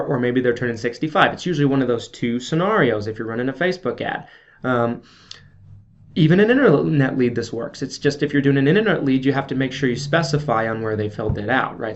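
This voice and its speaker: A man talks straight to camera as an insurance sales trainer, coaching in a chatty, informal way and checking in with "okay?" as he goes. His voice sits at an ordinary middle pitch. The recording is a little dull and lo-fi. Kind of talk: casual video sales training. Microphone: camera video. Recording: slightly dull lo-fi audio.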